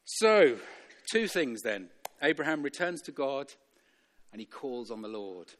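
A man's voice: mid-range voice, big pitch swings, a little slow, fairly bright tone. A man preaching a sermon in a church, emphatic and repetitive, chuckling now and then between points. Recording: long reverb of a church hall.

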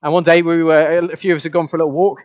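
A man's voice: a little high, flat delivery, very fast, darkish tone. A man preaching a sermon in a conversational way, asking the congregation questions and sometimes repeating his words. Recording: dull lo-fi recording.

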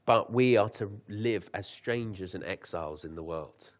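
Preacher, low and conversational. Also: male voice. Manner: conversational, laughs at his own asides; reads scripture slowly with lifted emphasis. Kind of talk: sermon.

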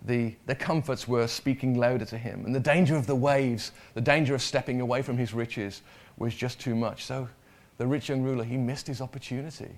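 A man's voice: medium pitch, fairly even intonation, fairly quick, few pauses. A man preaching a sermon in a conversational way, often repeating words and putting questions to the congregation.

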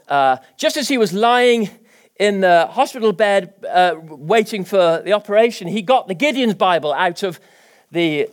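High-pitched, animated preacher. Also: male voice. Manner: animated, rising to emphatic declarations. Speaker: pastor. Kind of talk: sermon.

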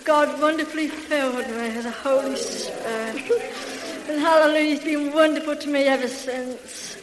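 A woman's voice: high voice, steady tone, normal speed, crowd noise. A woman giving a church testimony, effusive and full of hallelujahs. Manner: effusive, bubbling with hallelujahs and laughter. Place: large hall. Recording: echoey hall with faint hiss.

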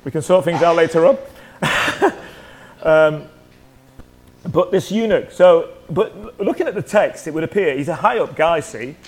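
A man's voice: on the high side, animated, a little slow, poor audio. A middle-aged man preaching a sermon as a pastor, telling a story in a chatty way and joking with the congregation. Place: church hall.

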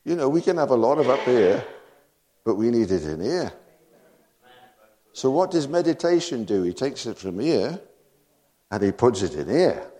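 A man's voice: mid-range voice, big pitch swings, moderate pace, long pauses, dark tone. A man preaching a sermon, full of rhetorical questions and laughing asides.

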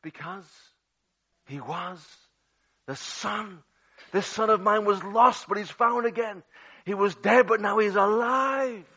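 Slow, dramatic male preacher. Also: high voice, breathy edge. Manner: dramatic swings between loud and hushed. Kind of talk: sermon. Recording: dull lo-fi audio.

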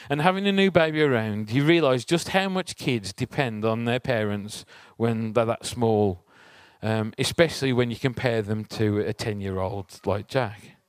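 A man's voice: medium pitch, clear, resonant tone, no room sound. A man giving a conversational sermon, telling a personal story and asking the congregation rhetorical questions. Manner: chatty, asks the audience rhetorical questions. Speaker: church speaker.

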